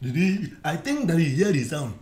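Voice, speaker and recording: A man in a comic film scene, explaining at length and begging loudly while stammering. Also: fairly high pitch, big pitch swings, moderate pace, reverberant. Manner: pleading, stammering, loud.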